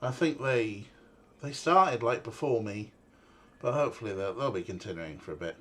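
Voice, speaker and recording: While streaming a game, a man chats casually and rambles, dropping frequent fillers and the occasional swear. His voice sits on the low side, with lively intonation at a moderate pace.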